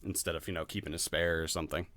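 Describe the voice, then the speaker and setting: A man co-hosting a podcast in casual chat, blunt and quick to laugh. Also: low voice, steady tone, fairly bright tone, no echo. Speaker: podcast co-host.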